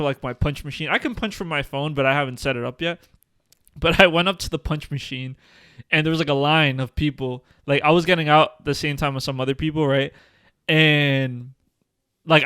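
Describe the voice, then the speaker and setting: Young male podcast co-host, slangy laughing storyteller, slightly high voice, dry close sound. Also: sharp tone, smooth, no echo. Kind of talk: casual chat.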